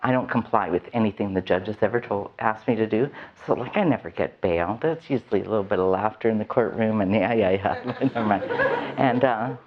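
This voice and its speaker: A woman's voice: extremely low pitch, a little fast, highs cut off, a little hiss or hum. A woman frankly telling her recovery story to a live audience, with a wry, self-mocking humor. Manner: candid, wry, laughs often at herself. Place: event hall with an audience.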